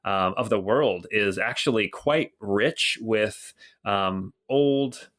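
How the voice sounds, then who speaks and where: Relaxed man game master. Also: fairly low pitch, slow. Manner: relaxed, rambling with many ums. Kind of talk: narrating a tabletop game.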